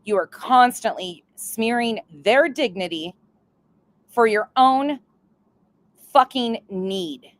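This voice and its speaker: A woman's voice: a little high, lively intonation, slow, pauses often, dry recording. A woman hosting a reaction commentary channel, blunt and sarcastic, swearing freely as she calls out the clip.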